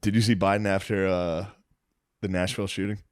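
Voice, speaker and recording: A man's voice: sits low, flat delivery, brisk, dry recording, studio quality. A man chatting casually on a podcast, laughing often and dropping into whispered impressions. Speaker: comedian podcast guest.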